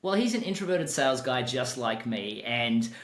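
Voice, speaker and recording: An Australian man hosts a podcast with eager, conversational energy, doubling up words as he gets going. His voice sits at an ordinary middle pitch. The recording has a roomy echo around it. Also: animated, moderate pace, fairly bright tone. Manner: enthusiastic, repeats words when starting sentences. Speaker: podcast host.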